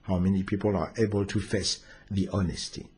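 A man voicing the calm, wise spirit of a dead old male master, lower and slower than his own voice. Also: breathy edge. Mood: solemn.

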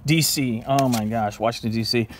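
A man's voice: medium pitch, steady tone, normal speed. A man casually quizzing himself on trivia while eating, playful and self-mocking, now and then talking to his dog. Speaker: vlogger.

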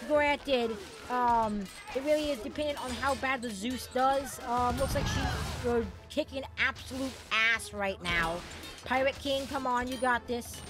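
Woman host, fairly high voice, excitable gameplay commentator who swears a lot, faint music behind. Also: a little slow. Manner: excitable, swears freely, bursts into shouts and laughter. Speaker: gaming channel host.

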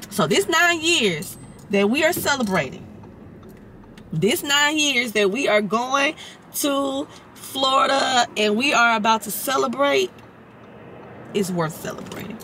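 A woman in her thirties talking to camera in a casual vlog, earnest when she reflects and excited, half whispering, when she shows things. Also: a little high, a little slow, a little hiss or hum, poor audio. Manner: earnest, faith-filled reflection; excited, partly whispering show-and-tell. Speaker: vlogger.

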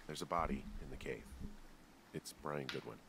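A man's voice: very deep voice, steady tone, normal speed. An actor playing a weary middle-aged male fire lookout in a video game, speaking in a subdued, somber way. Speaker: game character. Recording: noisy game audio.

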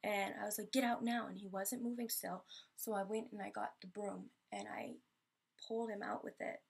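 A woman's voice: medium pitch, steady tone, moderate pace, creaky, husky. A young woman telling personal stories in a Q&A vlog, rambling and emotional with many fillers. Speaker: vlogger.

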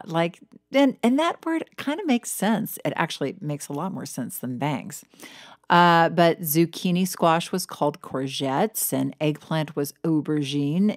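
A woman's voice: low voice, no echo, clean studio sound. A middle-aged woman hosting a casual solo podcast as a weight loss coach, chatty and self-deprecating, laughing at herself.

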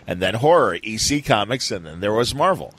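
A man's voice: fairly low pitch, very animated, fairly quick, a bit bright, low-quality recording. A man hosting a podcast, chatting casually in a rambling, enthusiastic way with lots of fillers. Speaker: podcast host. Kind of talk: casual chat.

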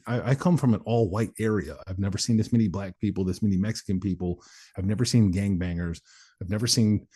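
A man's voice: fairly low pitch, fast, warm tone, husky. A man, a motivational speaker and interview guest, telling his personal story in a candid, blunt, plain-spoken way with the odd swear word.

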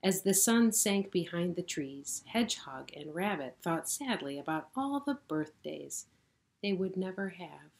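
A middle-aged woman pastor reading a children's story aloud in a gentle storytelling manner. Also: lowish voice, animated, creaky. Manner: gentle, slow, warm storytelling.

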